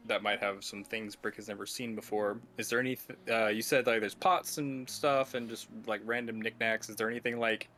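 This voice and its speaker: Man, tabletop player, bright tense voice, halting and filler-laden, faint music behind. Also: on the low side, steady tone. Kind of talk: casual tabletop play.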